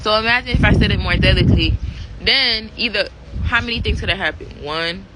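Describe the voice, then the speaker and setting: A woman's voice: medium pitch, a little fast. Woman musing aloud over background noise. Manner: conversational, full of fillers and "right?" check-ins. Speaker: vlogger. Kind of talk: casual reflective monologue.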